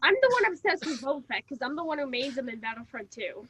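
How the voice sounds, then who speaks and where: A woman co-hosting a casual podcast, excitable and slangy as she recalls her reactions. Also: high-pitched, quick pace. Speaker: podcast co-host. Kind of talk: casual chat.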